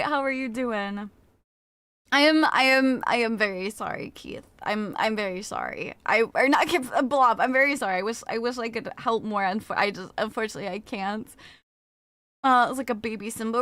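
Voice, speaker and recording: A woman's voice: fairly high pitch, expressive, normal speed, a bit bright, no echo. A woman streaming live, chatting casually with her viewers, greeting them by name and often restarting her sentences. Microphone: desktop mic with a limiter.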